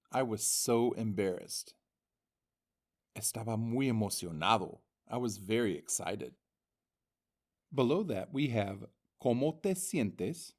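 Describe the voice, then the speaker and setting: A man teaching a language lesson, reading vocabulary words and their meanings slowly and deliberately as scripted instructional narration. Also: mid-range voice, a little mellow.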